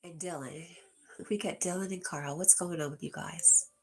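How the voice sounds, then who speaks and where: A woman's voice: fairly low pitch, fairly even intonation, moderate pace, a little mellow. A woman hosting a casual livestream, reading viewers' comments aloud and answering them directly, sometimes dropping to a whisper.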